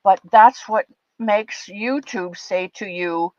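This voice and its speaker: A woman's voice: mid-range voice, takes it slowly, a little mellow, no echo. Older woman host, affectionate rambling chat, dry lo-fi stream audio. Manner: chatty, affectionate, rambling with restarts. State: a bit teary. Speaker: livestream host. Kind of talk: casual chat with live chat viewers. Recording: dull lo-fi dry sound.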